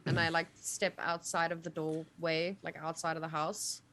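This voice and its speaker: A woman's voice: sits low, little pitch movement, normal speed, fairly bright tone. A woman with a South African accent playing a tabletop role-playing game, describing her character's actions in a chatty, hesitant way. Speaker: player.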